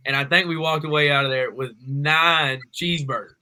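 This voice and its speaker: A young man, co-hosting a podcast and telling a story in a lively, animated way. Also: a little high, fairly quick, clear, resonant tone, rough recording. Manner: animated storyteller, acts out quoted voices. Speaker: podcast co-host. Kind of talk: casual storytelling chat.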